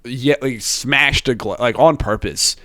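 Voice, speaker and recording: A man's voice: medium pitch, unhurried, bright, forceful tone, no echo, clean studio sound. A young man telling a work story in casual chat, rambling with lots of fillers and restarts. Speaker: podcast host.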